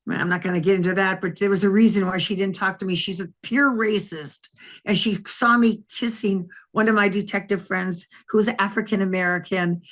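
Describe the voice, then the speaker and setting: In a medium-pitched voice that runs a little fast, an older woman from Wisconsin recalls a long personal tale in an interview. The retired detective brings it to life anecdotally, voicing each person she quotes.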